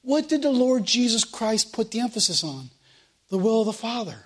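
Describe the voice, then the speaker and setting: A male preacher with a notably high voice delivers a sermon. He talks emphatically and repeats himself, piling up rhetorical questions for the congregation. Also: big pitch swings, moderate pace.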